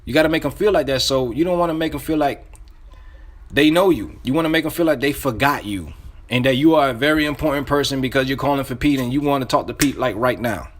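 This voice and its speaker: A man's voice: medium pitch, fast. A man giving casual sales coaching, talking loosely with restarts and repeating himself as he acts out sample phone calls. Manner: loose, conversational phrasing with restarts. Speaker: sales trainer. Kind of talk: casual instruction.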